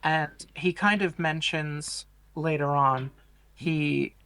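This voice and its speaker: Measured man recapping a plot, gravelly. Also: fairly high pitch, fairly even intonation, pushed and bright, no room sound. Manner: measured, explanatory, hesitant fillers. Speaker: podcast co-host. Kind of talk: casual film discussion, plot recap.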